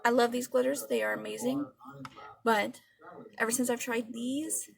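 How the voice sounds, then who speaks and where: A woman's voice: on the high side, steady tone, normal speed, creaky, crowd noise. A woman chatting casually about her favorite makeup, rambling and swearing now and then. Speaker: beauty vlogger. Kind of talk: casual product review.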